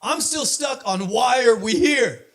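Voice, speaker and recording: High-voiced man doing stand-up. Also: lively intonation, measured pace, vocal fry. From Southern California. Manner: punchy delivery that builds to shouted punchlines. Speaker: stand-up comedian. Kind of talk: stand-up comedy set. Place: comedy club stage with laughing audience.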